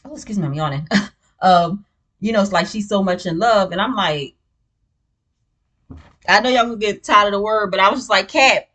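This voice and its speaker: A woman's voice: medium pitch, moderate pace, pauses often, fairly bright tone. A woman recapping a reality show in casual, blunt, opinionated chat, with many "you know what I'm saying" fillers.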